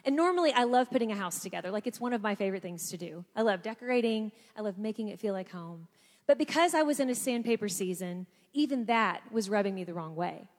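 A woman telling a lively personal story to a room of people, acting out what others said. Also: medium pitch, quick pace, big-room sound. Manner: animated storyteller, acts out quotes. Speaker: speaker. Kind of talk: storytelling talk to an audience.

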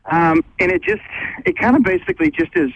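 Upbeat, excitable male musician calling in from backstage; lively, slightly high voice on a lo-fi line. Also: a little fast, vocal fry, dry recording. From United States. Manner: upbeat, excitable, laughs easily. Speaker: guest musician. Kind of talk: casual phone interview. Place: backstage at a concert venue. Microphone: phone call. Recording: dull phone-line sound with faint noise.

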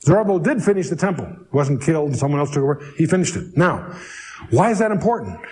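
Male Bible teacher, slightly high voice, conversational lecture with dry humor and slow, deliberate scripture readings. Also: sing-song, darkish tone, poor audio. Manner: conversational, wry asides, reads scripture slowly and deliberately.

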